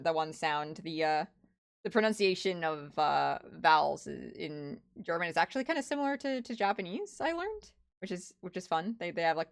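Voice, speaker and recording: A woman's voice: low voice, vocal fry. A young woman streaming a game, chatting casually with lots of restarts and swearing. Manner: rambling, stammering, many restarts.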